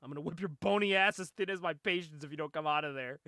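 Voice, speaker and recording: A man's voice: a little high, quick pace, sharp tone, dry recording, clean studio sound. Man doing a foul-mouthed, hot-tempered clown-faced killer. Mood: angry. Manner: profane and blustering.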